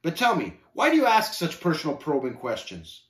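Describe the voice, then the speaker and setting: A man's voice: fairly high pitch, wildly swooping pitch, brisk, echoey room. A man reading aloud and voicing a pompous male hypocrite who bristles and snaps when challenged. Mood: haughty. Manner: indignant, huffy, snapping.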